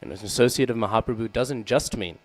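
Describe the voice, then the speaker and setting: Male class speaker, deep-pitched, preaching in a temple hall with light electrical hum behind. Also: fast, a little mellow. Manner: frequent "hmm?" and "right?" checks with listeners; acts out quoted lines with raised voice. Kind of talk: scripture class sermon. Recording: low mains hum behind.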